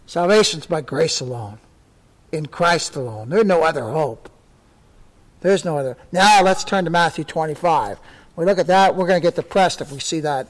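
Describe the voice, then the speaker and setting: Male pastor, high voice, emphatic sermon delivery with repetition. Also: lively intonation, normal speed. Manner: emphatic, repeats words for stress.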